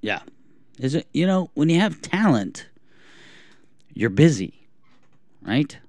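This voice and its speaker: A young man co-hosts a casual podcast, rambling along in a self-deprecating way. His pitch swings up and down with a lot of life. The sound is dry and close, with no room around it. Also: big pitch swings, slow, darkish tone, no room sound. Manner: rambling, self-deprecating, clears throat often. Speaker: podcast co-host. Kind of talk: casual chat.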